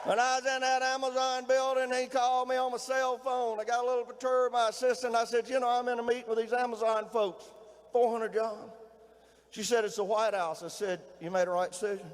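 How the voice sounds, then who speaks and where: A middle-aged man with a Southern Mississippi accent, giving a folksy, rousing political rally speech as a governor and often shouting to the crowd. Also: very high voice, little pitch movement, a little fast. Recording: reverberant hall, faint noise.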